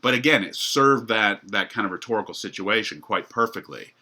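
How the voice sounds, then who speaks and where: A man's voice: on the low side, expressive, fairly quick, sharp tone. A middle-aged man giving a university lecture in a loose, conversational way, full of fillers and restarts. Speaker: professor.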